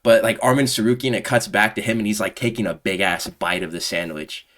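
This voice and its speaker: A man's voice: lowish voice, steady tone, brisk, a bit bright. A man giving casual, profane, exasperated commentary on a combat sports fan community, full of slang. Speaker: MMA commentary YouTuber.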